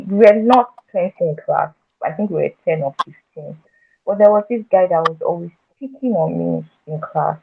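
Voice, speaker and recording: A woman guest telling her own story in a conversation, halting and earnest, often restarting and repeating words. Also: on the low side, creaky, slight background noise. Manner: earnest and emotional when recounting her past. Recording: tinny phone-like audio.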